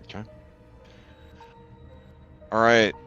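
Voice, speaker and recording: A man narrating a tabletop game as game master, in a casual, halting way with many fillers. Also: sharp tone, dull audio, faint music behind.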